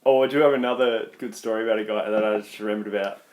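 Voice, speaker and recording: A man's voice: on the low side, steady tone, very fast. A man with an Australian accent co-hosting a podcast, telling rambling stories in a casual, swearing way. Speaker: podcast co-host. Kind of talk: casual chat.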